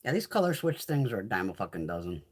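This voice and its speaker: A woman's voice: extremely low pitch, sing-song, fast talker, slightly rough. A woman hosting a casual livestream, chatting with viewers in a loose, profane way. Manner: chatty, profane, reads and answers viewer comments. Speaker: livestream host.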